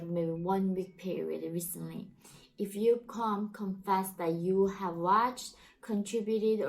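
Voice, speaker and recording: A woman's voice: fairly low pitch, rough recording. Woman, Korean accent, Korean her first language; earnest, urgent commentary to camera. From North Korea. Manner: earnest, impassioned, non-native phrasing. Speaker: YouTuber and activist.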